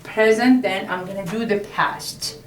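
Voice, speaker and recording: A woman teaching a language lesson, explaining slowly and repeating each word several times. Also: mid-range voice, fairly even intonation, distant mic, a little hiss or hum. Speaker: Arabic teacher. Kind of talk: slow classroom explanation at a board. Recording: echoey room, voice from off-mic.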